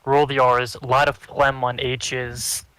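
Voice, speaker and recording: A man's voice: mid-range voice, flat delivery, measured pace, sharp tone, rough recording. A man chatting casually with friends, teasing and laughing.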